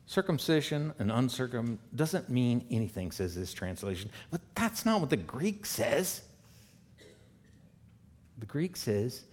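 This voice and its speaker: A male pastor preaching a sermon in a church room, swinging between loud, emphatic stretches and quiet asides, and slowing down to read scripture deliberately. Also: mid-range voice, very animated. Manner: reads scripture slowly and deliberately.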